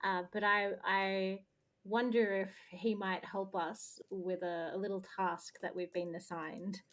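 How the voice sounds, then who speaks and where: Woman, tabletop player, mid-pitched voice, polite, stammers and restarts. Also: flat delivery, a little slow, a bit bright. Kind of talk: casual in-character banter.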